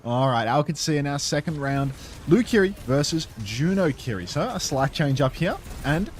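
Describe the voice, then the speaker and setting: A man co-casting an esports stream in a relaxed, joking way, chatting and reading out viewer messages. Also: a little high, moderate pace, a little hiss or hum. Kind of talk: casual live stream commentary.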